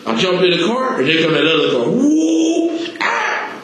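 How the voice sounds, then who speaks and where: A man being questioned in a recorded police interview, telling stories in an animated, profane way and acting out what others said. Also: a little high, very fast. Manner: animated storytelling, heavy profanity, acts out quotes. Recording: echoey room, faint hiss.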